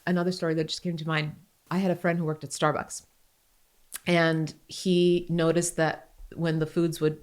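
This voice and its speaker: Woman in her 40s, kinda low voice, chatty and animated, telling stories on a podcast. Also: normal speed. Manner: animated, grows excited then softens. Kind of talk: casual conversational storytelling.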